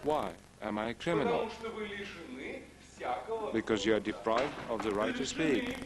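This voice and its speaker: A man voicing every role of a stage play in a single dubbed voice, trading quick lines. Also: on the low side, animated, over a noisy crowd. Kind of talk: single-voice dubbed theater dialogue.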